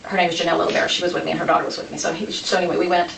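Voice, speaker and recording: A woman with a lowish voice talks fast through a personal story, stumbling over restarts and acting out quoted conversations. She sounds set back from the mic in an echoey room. A faint hiss sits under her. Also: level tone, vocal fry, a bit bright, distant mic. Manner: rambling, full of restarts and quoted dialogue. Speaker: interview guest.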